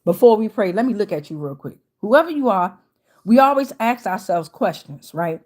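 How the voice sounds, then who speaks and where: A woman's voice: medium pitch, very animated, normal speed, a little mellow. A woman hosting a tarot livestream, reading out viewer comments in a slangy, playful, chatty way and greeting people by name.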